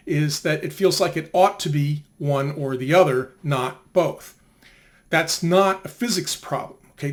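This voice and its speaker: An older man talks through a history of science lesson in a slightly raised pitch. He keeps it conversational and drops in rhetorical questions to his listeners. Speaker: lecturer.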